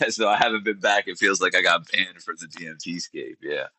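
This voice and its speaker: A man in his thirties speaks low and earnest, often reaching for the right words as he recounts his story in an interview. His voice is deep yet sharply bright, and the recording is close and dry. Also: moderate pace, no echo, poor audio. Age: 30s. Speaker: podcast guest.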